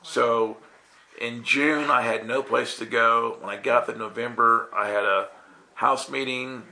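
A man's voice: mid-range voice, fairly even intonation, measured pace, gravelly, sharp tone, poor audio. A man telling a casual personal testimony as a guest minister, chatty and self-interrupting, often checking in with "right?".

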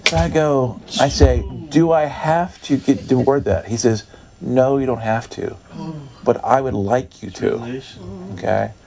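A man's voice: a little slow, gravelly, a crowd in the background. A man preaching through a personal story, acting out both sides of the dialogue and filling gaps with "da, da, da". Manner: animated storyteller, acts out dialogue with big pitch jumps, fills with "da, da, da". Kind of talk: storytelling sermon.

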